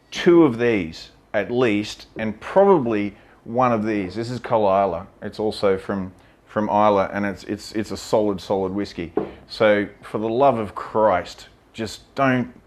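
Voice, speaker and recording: Blunt, sweary man talking whisky. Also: on the low side. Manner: chatty with many fillers. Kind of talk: casual whisky tasting talk. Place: lives in Vietnam.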